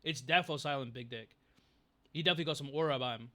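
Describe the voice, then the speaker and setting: A man's voice: mid-range voice, very fast, sharp tone. A young man chatting casually on a livestream, rambling, getting distracted and thanking viewers from chat. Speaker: streamer.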